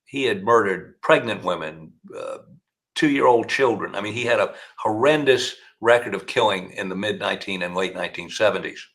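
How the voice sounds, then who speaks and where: Gravelly older Southern man telling stories. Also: on the low side, normal speed. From South Carolina. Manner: gravelly, animated storyteller. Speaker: defense attorney, guest. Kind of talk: storytelling interview answers.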